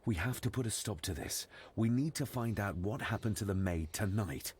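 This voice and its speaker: An actor playing a troubled young man who is uncovering dark family secrets in a video game, speaking earnestly and anxiously. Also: fairly low pitch, lively intonation, normal speed, slightly rough. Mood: resolute. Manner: earnest, brooding, quietly anxious.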